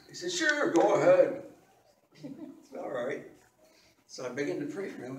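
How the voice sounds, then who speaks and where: A man preaching a sermon as a pastor, telling stories in an animated way, often repeating his words and laughing. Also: mid-range voice, a little hiss or hum. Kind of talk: sermon with storytelling. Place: church. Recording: echoey church hall, distant mic.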